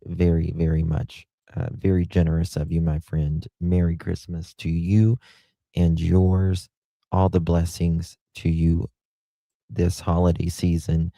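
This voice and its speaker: A man's voice: deep voice, level tone, slow pace, vocal fry, a crowd in the background. A man hosting a casual livestream, chatty and defiant, thanking his viewers. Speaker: livestream host.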